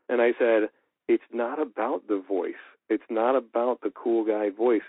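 A man telling a story in an interview as a voice actor, animated and acting out the dialogue he quotes. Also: medium pitch, measured pace, breathy edge, no echo. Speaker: voice actor guest. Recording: tinny phone-like line, dry.

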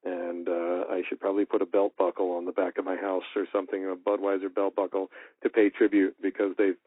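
A man telling a story as a voice actor in an interview, lively and acting out the lines he quotes. His voice sits a little low and comes over a tinny, phone-like line. The sound is dry and close. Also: fairly quick, no room sound. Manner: animated, acts out quoted dialogue. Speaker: voice actor guest.

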